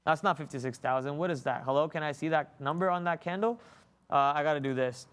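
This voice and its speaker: A man hosting a day trading livestream, thinking aloud with excitable remarks and many fillers and restarts. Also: on the high side, fast talker, smooth. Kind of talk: live market commentary.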